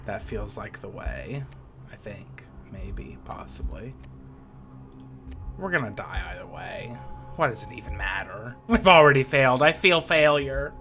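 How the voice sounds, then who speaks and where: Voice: mid-range voice, lively intonation, measured pace. A game streamer reading a story game aloud with playful, self-mocking commentary and frequent laughter.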